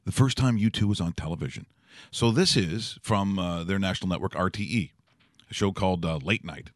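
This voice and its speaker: A male sports talk host with a low voice, rambling through casual banter with plenty of fillers, restarts and easy laughs. He was recorded close and dry in a studio. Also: fairly quick, no echo.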